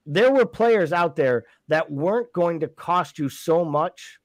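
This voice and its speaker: A man's voice: a little high, lively intonation, slow, no echo. A man co-hosting a casual podcast, blunt and sarcastic. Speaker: podcast co-host.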